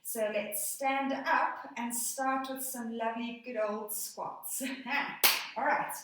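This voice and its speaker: A woman's voice: on the high side, fairly even intonation, takes it slowly, a bit bright. A woman fitness instructor guiding a workout, cueing breaths and counting reps, a little out of breath. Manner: encouraging, counts and cues breathing. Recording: echoey room, voice from a distance.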